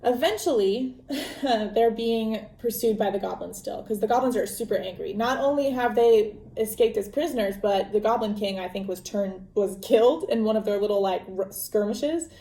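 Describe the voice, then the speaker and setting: A woman with a mellow, relaxed tone recaps a book for her podcast. She rambles along casually, leaning on "like" and "um". The recording carries a roomy echo. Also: medium pitch, moderate pace. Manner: chatty, rambling retelling with fillers. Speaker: podcast host.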